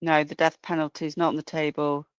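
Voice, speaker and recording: A co-host in casual chat, explaining calmly and sometimes searching for words. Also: mid-range voice, fast, clear, resonant tone, dry recording. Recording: dull, dry sound.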